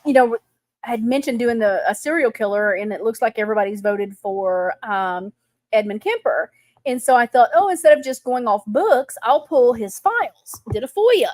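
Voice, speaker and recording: A woman's voice: medium pitch, a little mellow, no room sound. A middle-aged woman with a Texan accent hosting a casual live chat, chatty and laughing often as she greets viewers. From Texas. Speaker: livestream host.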